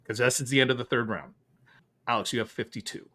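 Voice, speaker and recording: A man's voice: mid-range voice, quick pace, bright, forceful tone. A man hosting a casual movie trivia podcast, tallying points and chatting about films. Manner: upbeat, running scores and banter. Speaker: podcast host. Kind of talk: casual game-show chat.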